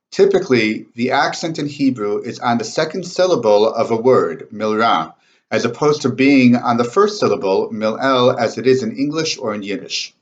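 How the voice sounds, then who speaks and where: Measured man giving a Torah talk. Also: medium pitch. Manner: measured, explanatory, careful Hebrew pronunciation. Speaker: Torah speaker. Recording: dull lo-fi recording.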